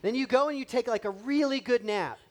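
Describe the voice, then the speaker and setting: A man in his thirties preaching a sermon, animated, voicing the people he quotes and swinging between loud and hushed delivery. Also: very high voice, brisk. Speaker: pastor.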